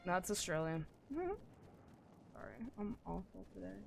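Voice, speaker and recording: A woman's voice: on the low side, animated, a little slow, gravelly, soft background music. Chatty American woman streaming a game. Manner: chatty, rambling, self-deprecating jokes. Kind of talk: casual live-stream commentary while gaming.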